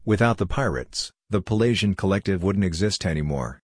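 A man voicing a calm, coldly logical android envoy who speaks in a level, matter-of-fact way. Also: deep voice, a little fast, no room sound, clean studio sound. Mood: steady.

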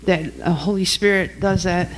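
A woman's voice: lowish voice, fairly even intonation, moderate pace, background noise. A woman, the preacher's wife, giving an earnest, emotional testimony during the sermon and sometimes breaking off mid-phrase.

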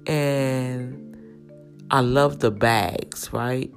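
A woman's voice: a bass voice, steady tone, very slow, vocal fry, faint music behind. A woman telling a personal story to her viewers in a chatty way, often turning to them and repeating words as she goes. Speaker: vlogger sharing a personal story.

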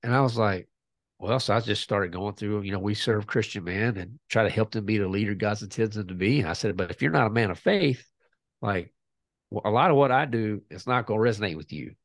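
Gravelly man telling a story. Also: lowish voice, a little fast, no room sound. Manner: animated, acts out both sides of a conversation. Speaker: podcast guest. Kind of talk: casual storytelling.

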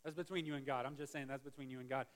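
A man's voice: medium pitch, steady tone, rapid-fire. A male pastor giving a conversational sermon, with joking asides and restarts. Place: church sanctuary.

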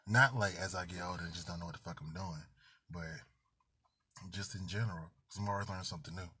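A man's voice: low voice, quick pace, bright, forceful tone, husky, no room sound. A man hosting a casual podcast from a parked car, telling stories in a laid-back, slangy way. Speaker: podcast host. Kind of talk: casual chat.

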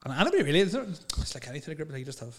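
A man's voice: a little high, sing-song. A young man with a Northern Irish accent chatting casually, telling stories, swearing freely and sometimes stumbling over words. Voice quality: stutters at times. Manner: storytelling, swears freely, quick laughs, mimics others. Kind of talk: casual chat.

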